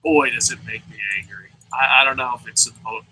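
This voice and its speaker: A man's voice: mid-range voice, fairly even intonation, fairly quick, bright, forceful tone, a little hiss or hum, poor audio. A young man hosting a casual live wrestling review, ranting profanely and rambling with goofy sound effects. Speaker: wrestling review show host.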